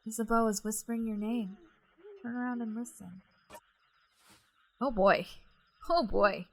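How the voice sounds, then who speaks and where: A woman's voice: a little high, steady tone, a little slow, creaky, long pauses. A woman hosting a game playthrough, chatting and reading the game text aloud. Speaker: let's play host.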